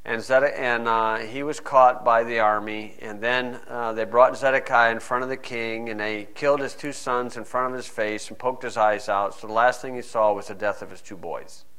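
Preacher, man, mid-pitched, bright and forceful delivery, punches key phrases. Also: steady tone, moderate pace, few pauses, smooth. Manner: emphatic, swings between quiet asides and loud stressed phrases. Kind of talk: sermon.

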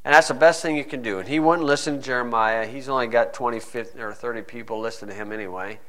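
Preacher, man, mid-pitched, bright and forceful delivery, punches key phrases. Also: fast talker. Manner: emphatic, swings between quiet asides and loud stressed phrases. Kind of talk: sermon.

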